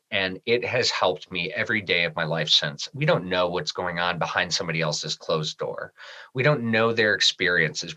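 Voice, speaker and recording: A middle-aged man from Michigan telling a personal story as a podcast guest, lively in the telling and falling soft and low at the serious moments. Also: muffled recording. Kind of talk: storytelling in an interview.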